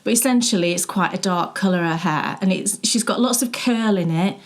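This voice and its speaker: A woman's voice: lowish voice, fairly quick. A middle-aged woman co-hosting a knitting show, chatting casually and telling stories with frequent laughs. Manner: chatty, storytelling, laughs often. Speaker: podcast co-host.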